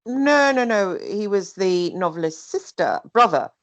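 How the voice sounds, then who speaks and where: A woman telling a personal story in casual chat, rambling and animated, sometimes mimicking other people. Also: medium pitch, a little slow, dry recording. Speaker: guest.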